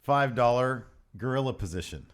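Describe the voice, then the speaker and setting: A man's voice: medium pitch, normal speed. A man co-hosting a podcast livestream, chatting casually and joking around, sometimes singing bits of songs. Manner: joking, animated, sings snatches of songs. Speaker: podcast co-host.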